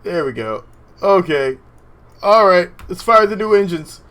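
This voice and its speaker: A man's voice: high-pitched, very animated, a little slow, sharp tone. A man from the Southern US chatting casually while playing a game on stream, laughing often and muttering at what happens on screen. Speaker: gaming streamer. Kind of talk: casual gameplay chat.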